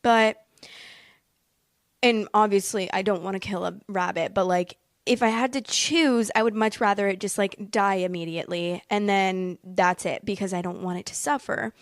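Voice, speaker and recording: A woman's voice: mid-range voice, steady tone, normal speed, no echo, studio quality. A woman telling a personal story in a casual, rambling way, packed with fillers and emotional asides. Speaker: vlogger.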